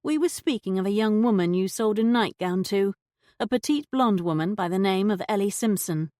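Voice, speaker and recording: A woman's voice: mid-range voice, expressive, normal speed, a little mellow, no echo, studio quality, lightly acted. A woman voicing a shrewd young lady detective who questions a suspect with poised, pointed politeness. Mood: pressing.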